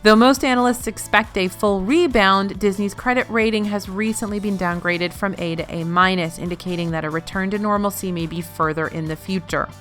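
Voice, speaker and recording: A woman's voice: medium pitch, steady tone, fairly quick, few pauses, fairly bright tone. Woman reading a news roundup over music. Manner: news-anchor delivery with playful asides. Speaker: news host.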